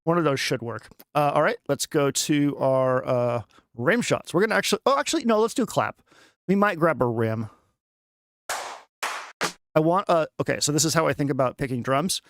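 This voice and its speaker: A man casually talking through a music production tutorial on a live stream, chatty and thinking out loud with lots of fillers. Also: fairly high pitch, animated, normal speed, no echo. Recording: music playing underneath.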